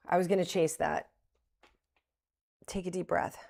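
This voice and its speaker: A middle-aged woman with a low, gravelly voice talks through her trades live on stream. She thinks aloud as she goes, criticizes herself frankly and laughs things off now and then. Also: fairly even intonation, takes it slowly, a little mellow. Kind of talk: live-streamed trading commentary.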